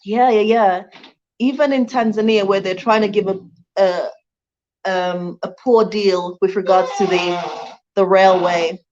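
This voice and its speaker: Brief: chatty Jamaican-born woman hosting a livestream, mid pitch, slightly muffled audio. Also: steady tone, measured pace, a little hiss or hum. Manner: chatty, laughs often, thanks viewers warmly. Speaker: livestream host. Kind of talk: casual livestream chat reading viewer comments. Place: home in Rwanda.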